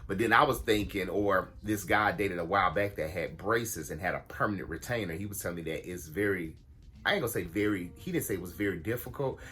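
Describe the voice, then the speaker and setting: This vlogger talks fast in a low voice, recounting a story for his viewers in a blunt, lively way. He curses without holding back and calls the audience "y'all."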